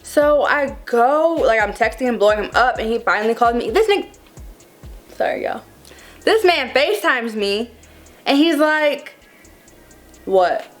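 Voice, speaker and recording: A young woman in her twenties telling a casual storytime to her viewers, dramatic and animated, calling them y'all. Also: on the high side, unhurried, pauses often, soft background music. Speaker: vlogger.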